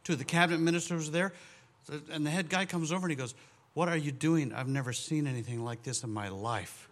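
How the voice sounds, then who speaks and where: A man, a ministry partner, recalling events in a rambling way, pausing to search for words. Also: fairly high pitch, a bit bright. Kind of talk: casual recollection.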